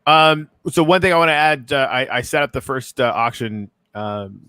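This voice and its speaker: A man hosting a casual podcast chat, talking in a halting way full of fillers. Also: medium pitch, lively intonation, sharp tone, clean tone, no echo. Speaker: show host.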